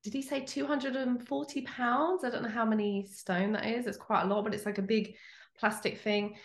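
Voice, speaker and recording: A woman's voice: a little high, steady tone, normal speed, roomy sound. A woman co-hosting a casual podcast chat, telling stories in a rambling, chatty way. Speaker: podcast co-host.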